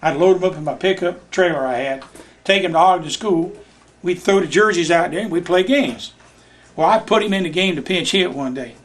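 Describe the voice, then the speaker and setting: A man's voice: sits high, brisk. An older man telling folksy stories about coaching youth baseball, at home in his living room. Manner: folksy Southern storyteller, acts out voices in his anecdotes. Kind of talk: storytelling in a home visit.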